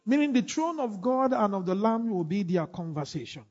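A man with a high voice preaches a sermon in a church, repeating phrases and pressing the congregation to answer him. He swings between quiet stretches and shouts. The recording is dull and lo-fi. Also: very animated, normal speed. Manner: repetitive, call-and-response, rising to shouts. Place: church hall.

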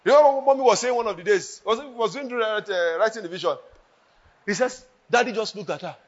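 A man with a Nigerian accent preaching a sermon as pastor, swinging between hushed lines and shouted ones. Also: high-pitched, lively intonation, a little fast, dull audio.

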